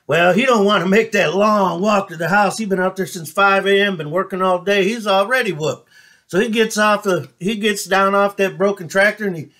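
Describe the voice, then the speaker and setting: Guy with a kinda high voice telling a folksy joking farm story. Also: a bit bright. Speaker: comedian host. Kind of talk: comic storytelling monologue.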